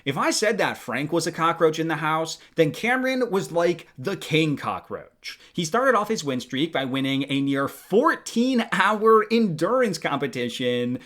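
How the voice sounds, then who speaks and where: A young man hosting a video, reading a scripted countdown commentary in a lively, animated way. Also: a little high, a little slow, few pauses. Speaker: video host.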